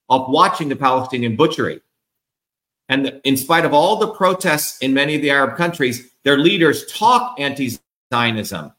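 A man's voice: mid-range voice, pushed and bright, reverberant. A man being interviewed as a political candidate, ranting in a combative, profane, emphatic way. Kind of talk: heated interview rant.

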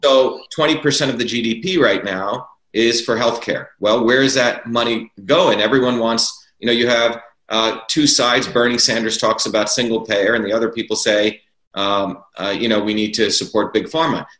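A man's voice: medium pitch, fairly even intonation, normal speed, a bit bright. Emphatic man in a roomy echo. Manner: emphatic, repeats key words for stress. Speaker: interview guest. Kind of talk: political argument in an interview.

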